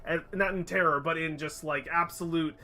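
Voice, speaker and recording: Game master, male, bright and a bit high, halting descriptive narration. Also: fairly even intonation. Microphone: headset or desk mic on a stream.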